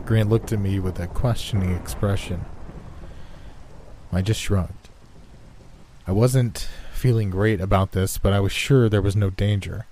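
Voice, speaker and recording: Man, horror story narrator, deep voice, mellow tone, measured pace. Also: fairly even intonation, slight background noise.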